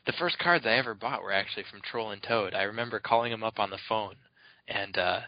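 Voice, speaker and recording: A man's voice: fairly low pitch, fast, dry recording. A man co-hosting a podcast, telling a rambling story with lots of fillers and laughs. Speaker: podcast co-host. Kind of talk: casual chat, telling anecdotes. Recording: dull lo-fi dry recording.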